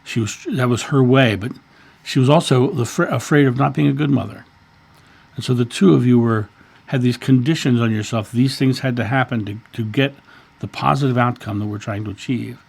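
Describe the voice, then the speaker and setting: A man's voice: medium pitch, a little fast, gravelly, a little mellow, husky. A man in his fifties, a channel host, earnestly telling a story in a casual monologue and often repeating words. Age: 50s.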